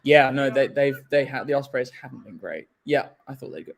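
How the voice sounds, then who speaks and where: A man hosting a live watchalong, reacting to the match in an excitable, casual way, swearing and laughing freely. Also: medium pitch, fairly quick, gravelly, low-quality recording. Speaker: watchalong host.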